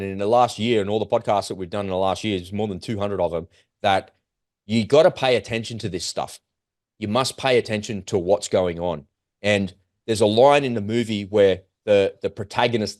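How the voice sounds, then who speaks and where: A man's voice: on the low side, a little mellow, dry recording. Heated man, dry close sound. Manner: heated, emphatic, acts out quoted voices. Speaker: podcast co-host. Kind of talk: casual conversation.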